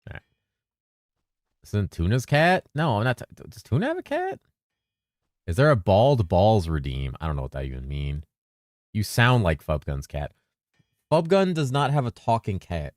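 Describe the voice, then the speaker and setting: Deep-voiced man chatting on stream. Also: very animated, moderate pace, pauses often, dry recording, clean studio sound. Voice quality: deep bassy voice. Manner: rambling and loose, with bursts of laughter. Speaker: game streamer. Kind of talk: casual livestream chat answering viewers. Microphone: streaming mic through a mixer.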